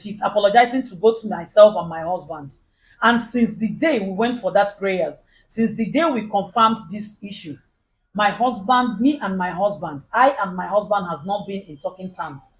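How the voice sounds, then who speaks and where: A woman's voice: medium pitch, poor audio. Earnest Nigerian woman telling her story. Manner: earnest, retells others' words in quoted dialogue. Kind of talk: first-person confessional storytelling.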